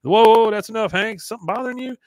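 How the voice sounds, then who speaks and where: A man voicing an excitable male office coworker, eager and loud, much higher than his own voice. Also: rapid-fire, no room sound, studio quality. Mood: startled.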